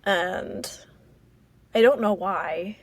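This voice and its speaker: An American woman from Maryland hosting a casual solo podcast, rambling and halting with many fillers. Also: mid-range voice, breathy edge. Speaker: podcast host.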